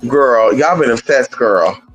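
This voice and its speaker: On a livestream, a man chats casually and spins gossipy stories with plenty of sass, calling his listeners "girl" and "honey." His voice is a bit bright, with lively, swooping intonation, and he takes his time. Soft music plays behind him, and the audio quality is poor.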